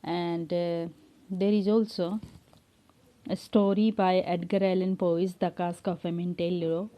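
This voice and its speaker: A woman with an Indian English accent giving a recorded literature lecture as an English professor, pausing often with filler sounds. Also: fairly low pitch, flat delivery, warm tone. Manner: hesitant, many filler sounds.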